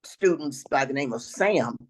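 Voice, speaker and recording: An older woman with a raspy voice, a retired teacher telling travel stories as an interview guest, now and then clearing her throat. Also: extremely low pitch, expressive, measured pace, low-quality recording. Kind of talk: storytelling interview answers.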